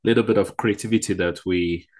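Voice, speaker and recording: A man's voice: fairly low pitch, steady tone, a little fast, darkish tone. A man hosting a podcast, introducing the episode and guest in a casual, hesitant way with many fillers. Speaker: podcast host.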